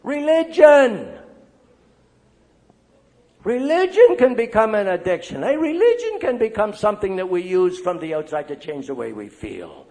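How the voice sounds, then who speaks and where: High-voiced older man telling recovery stories. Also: unhurried. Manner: lively storyteller, acting out quoted voices; checks in with the crowd with "right?" and "eh?". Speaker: AA speaker and priest. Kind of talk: recovery meeting talk to an audience.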